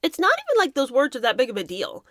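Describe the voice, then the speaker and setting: A woman's voice: high-pitched, wildly swooping pitch, quick pace, fairly bright tone, dry recording, clean studio sound. A woman in her thirties hosting impassioned commentary, talking emphatically and indignantly, sometimes mocking the people she talks about. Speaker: commentary host.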